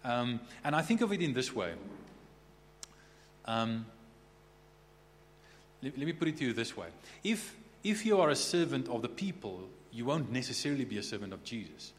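A male preacher delivers a sermon in a loose, conversational manner, restarting phrases and checking in with his listeners. His voice sits at a middle pitch. The hall adds a long echo, and a faint hum runs beneath it. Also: big pitch swings, moderate pace, long pauses. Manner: conversational, repeats and restarts words, checks in with "okay?".

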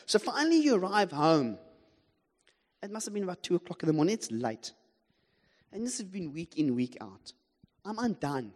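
A man's voice: high voice, big pitch swings, moderate pace, long pauses. A man with a South African accent preaching a sermon, telling a story with animation and humor and putting questions to the congregation. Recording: long hall reverb.

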